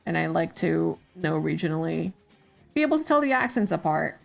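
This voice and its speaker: A woman's voice: low voice, big pitch swings, normal speed, vocal fry, soft background music. A woman streamer chatting casually while she draws, rambling with many fillers and hesitations. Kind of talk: casual chat while drawing.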